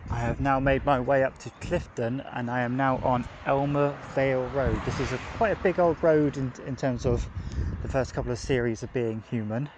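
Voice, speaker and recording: A man's voice: medium pitch, fairly even intonation, moderate pace. Man rambling into his phone outdoors. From England, grew up in Devon. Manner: rambling, reflective, with restarts. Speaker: podcast host. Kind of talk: casual walking monologue. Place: outdoors, walking past streets and a cemetery. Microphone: phone held while walking. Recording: phone recording outdoors with clear traffic noise. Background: passing cars and urban street noise.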